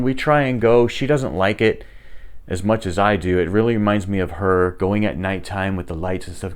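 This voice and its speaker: A man's voice: fairly low pitch, smooth. Chatty man giving a home tour. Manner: chatty, rambling, animated when retelling. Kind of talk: casual storytelling.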